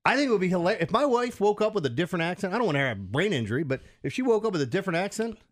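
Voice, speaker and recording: A man's voice: high voice, expressive, racing. A man co-hosting a sports radio show, rambling and laughing in casual banter.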